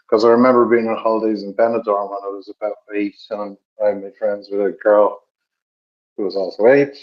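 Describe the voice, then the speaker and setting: A middle-aged man from Dublin with an Irish accent, telling stories in a measured, reflective way with many pauses. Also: fairly low pitch. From Ireland. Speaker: podcast co-host. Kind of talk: reflective storytelling chat. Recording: dull lo-fi recording.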